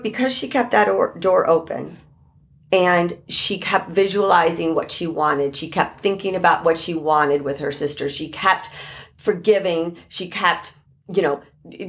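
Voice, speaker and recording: Earnest middle-aged woman life coach. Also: fairly low pitch. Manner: earnest, repeats key phrases for emphasis. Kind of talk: motivational talk.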